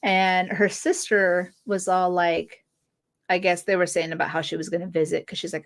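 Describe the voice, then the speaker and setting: A woman hosting a fan podcast, casually reviewing episodes with a chatty, giggly manner and quick quoted asides. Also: fairly low pitch, level tone. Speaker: podcast host.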